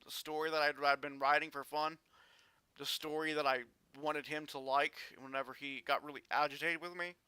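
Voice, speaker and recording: A man vlogging a personal story in an earnest, halting way with frequent restarts. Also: a little high, steady tone, sharp tone, smooth, dry recording.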